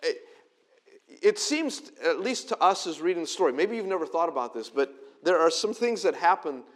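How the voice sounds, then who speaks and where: A middle-aged male pastor delivers a sermon in a church auditorium. His voice sits a little high, and he moves between scripture and casual, self-deprecating stories with animated energy. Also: brisk.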